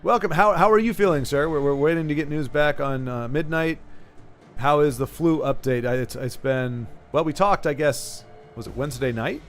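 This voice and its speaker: A man's voice: medium pitch, moderate pace, soft background music. A man hosting a game stream in casual, rambling chat with many restarts and repeats. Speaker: streamer host.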